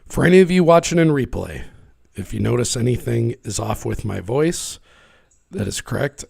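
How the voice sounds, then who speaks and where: A man with a raspy, hoarse voice from being sick, hosting a casual livestream and talking through market charts. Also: mid-range voice, lively intonation, moderate pace, darkish tone. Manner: conversational, talks through charts. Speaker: livestream host.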